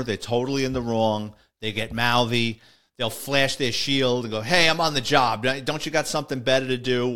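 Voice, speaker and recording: A man's voice: mid-range voice, a bit bright. A middle-aged man, a retired police officer, telling a story in a casual monologue and voicing the people in it. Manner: conversational, voices the people in his story.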